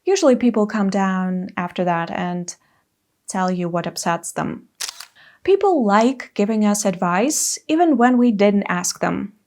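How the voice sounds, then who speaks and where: A woman in her thirties teaching an English lesson, speaking clearly and carefully and acting out example phrases. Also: mid-range voice, animated, a little slow, darkish tone.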